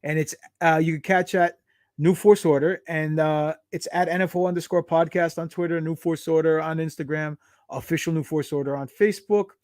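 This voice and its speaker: A man's voice: on the high side, steady tone, a little fast, a little mellow, no echo, studio quality. A man from the United States talking as an interview guest, brash and joking, swearing freely. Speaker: guest, pro wrestler. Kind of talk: casual interview chat.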